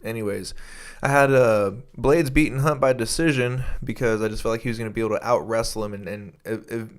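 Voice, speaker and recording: A man's voice: medium pitch, a little fast. A young man co-hosting a podcast in casual chat, rambling with lots of restarts and swearing freely. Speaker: podcast co-host.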